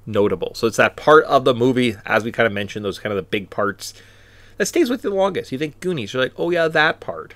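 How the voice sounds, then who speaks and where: A man's voice: mid-range voice, big pitch swings, quick pace, fairly bright tone, dry recording. A man hosting a podcast, chatting casually and rambling, often tagging his points with "right?". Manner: rambling, tag questions. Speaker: podcast host. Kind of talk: casual chat. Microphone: podcast mic.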